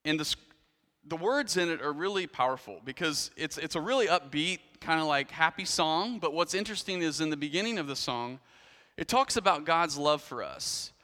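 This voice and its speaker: A man's voice: fairly high pitch, animated, normal speed, sharp tone, long reverb tail. A man preaching a sermon in a church, telling a story in a conversational way with frequent restarts and asides. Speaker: pastor.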